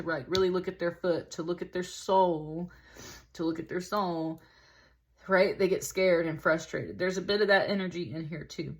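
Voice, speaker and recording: A woman with a slightly low voice talks through a tarot reading in a casual, loose way. She rambles, fills her sentences with "like", and sometimes breaks into a laugh. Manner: rambling, heavy use of "like", with laughs. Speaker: tarot reader.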